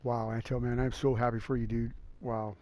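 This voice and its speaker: A man hosting a sim racing league stream, chatting casually and excitably in a rambling way, calling everyone man and dude. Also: mid-range voice, normal speed. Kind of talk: casual live-stream race commentary.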